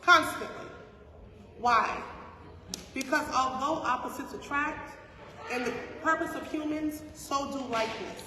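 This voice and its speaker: A woman teaching a class as a spiritual teacher, talking conversationally with rhetorical questions and "right?" checks. She swings between soft asides and loud emphasis. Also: sits high, measured pace, noisy background. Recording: echoey hall from far off.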